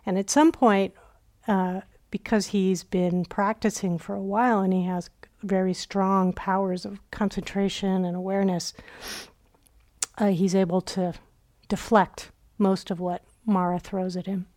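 A woman's voice: medium pitch, little pitch movement, unhurried, warm tone. A woman meditation teacher giving a dharma talk at a retreat center, telling stories reflectively and acting out quoted inner voices.

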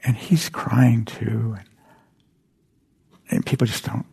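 An older man giving a dharma talk at a meditation center, telling stories in a halting, gentle way that often drops to a whisper. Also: on the low side, steady tone, vocal fry, slightly rough. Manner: gentle, halting storytelling with frequent whispered asides. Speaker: meditation teacher.

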